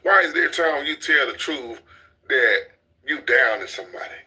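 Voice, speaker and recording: A man's voice: medium pitch, expressive, normal speed, sharp tone, poor audio. A man, talking bluntly in a casual commentary chat, preaching and repeating his points as the host.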